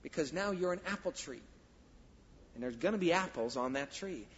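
A male pastor preaching a sermon, emphatic, swinging from quiet asides to loud declarations. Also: fairly high pitch, expressive, moderate pace, a little hiss or hum. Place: church sanctuary. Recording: dull sound with long hall reverb.

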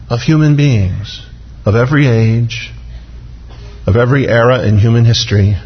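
A male pastor preaching an expository sermon in a church sanctuary, slowing down to stress scripture. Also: mid-range voice, husky. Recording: dull, reverberant hall sound.

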